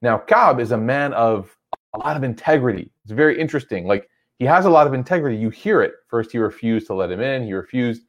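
Guy lecturing, just chatting thru a story, lots of "like, you know", mid-pitch voice. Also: expressive, quick pace, slight background noise. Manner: conversational, loose with many "like" and "you know" fillers.

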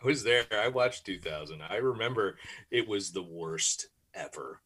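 Man, low voice, lively pitch, joking podcast co-host. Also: normal speed, husky. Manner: joking, animated. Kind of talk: casual podcast chat.

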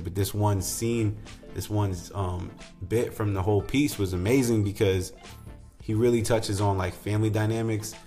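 A young adult man casually introducing comedy clips, relaxed and rambling with many fillers. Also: low-pitched. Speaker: podcast host. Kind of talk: casual commentary.

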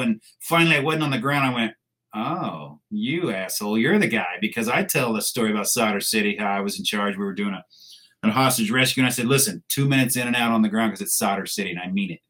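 A man's voice: mid-range voice, quick pace, rough recording. A man who is a military veteran, telling crude war stories in casual talk, laughing as he goes. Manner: crude, laughing, animated storyteller. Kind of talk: casual storytelling.

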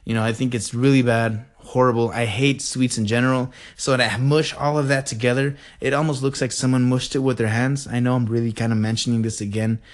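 Man, podcast host, casual rambling monologue, animated, digressive. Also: mid-range voice, brisk, few pauses. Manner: animated, digressive, says "freaking" a lot.

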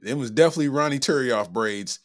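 A man's voice: medium pitch, fast talker. A man hosting a comedy podcast, riffing in a slangy, incredulous way, laughing often and reading out chat comments. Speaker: podcast host.

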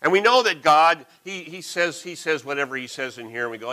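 Animated, bright-voiced male preacher. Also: mid-range voice, moderate pace, poor audio. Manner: animated storytelling, folksy. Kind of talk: sermon.

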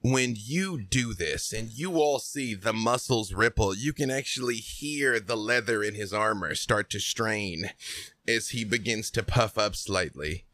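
A man narrating as game master of a tabletop game, calm and deliberate with playful asides. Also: on the low side.

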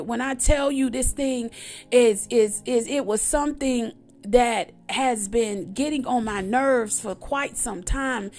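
A woman's voice: a little high, slow. A woman giving an emphatic, repetitive personal testimony in a conversational preaching style. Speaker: devotional speaker.

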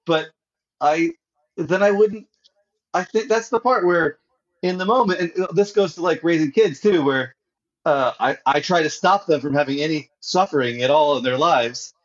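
A man's voice: fairly high pitch, normal speed. A man in casual podcast chat who hesitates and restarts often, thinking aloud. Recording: dull lo-fi sound.

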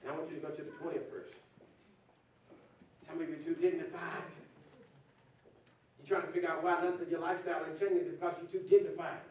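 A man preaching a sermon as pastor, talking to his congregation as y'all and rising into shouts. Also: a little high, little pitch movement, fairly quick, long pauses, highs cut off, slight background noise. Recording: echoey hall, distant mic, faint ambience.

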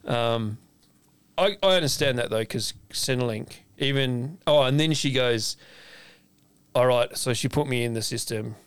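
A man co-hosting a podcast, caught mid-story and acting out every voice he quotes. His voice sits at a middle pitch and is recorded close and dry, with no room sound around it. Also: moderate pace, clean tone, no echo. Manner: animated storyteller, acts out quoted voices, swears freely. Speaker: podcast co-host, chef. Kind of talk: casual storytelling chat.

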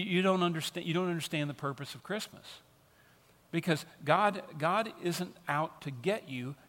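A man's voice: on the high side, fairly bright tone. A man preaching a sermon as pastor, earnest and emphatic, repeating key phrases for stress. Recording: long reverb of a large hall.

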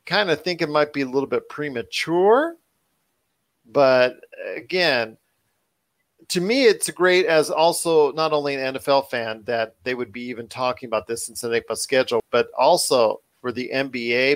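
A man's voice: mid-range voice, fairly bright tone. Guy hosting a sports podcast, mid voice, earnest, kinda repeats himself. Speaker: podcast host. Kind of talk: casual sports talk.

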